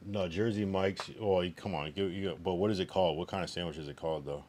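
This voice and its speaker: A man's voice: deep voice, steady tone, quick pace, hardly any pauses, noisy background. A young man from the East Coast of the United States, chatting loosely and profanely with his live chat while streaming. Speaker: livestreamer. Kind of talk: casual livestream chat.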